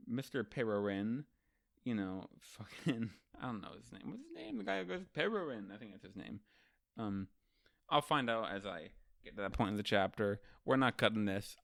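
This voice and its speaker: A man's voice: fairly low pitch, a bit bright, smooth, dry recording, clean studio sound. A man hosting a casual manga ranking show, recapping chapters in a loose, profane, chatty way and acting out the characters' lines.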